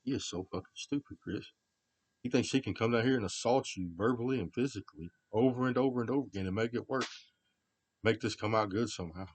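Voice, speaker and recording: A man talking unscripted to himself and others, rambling, drifting from low muttering to repeated loud shouts. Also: fast, husky, low-quality recording.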